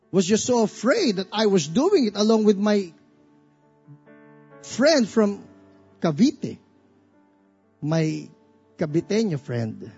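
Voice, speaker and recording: A man's voice: high voice, breathy edge, lo-fi sound. A man with a Filipino accent, a pastor telling a personal story in a sermon and acting out the lines of the people in it. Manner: animated storyteller who acts out other people's lines.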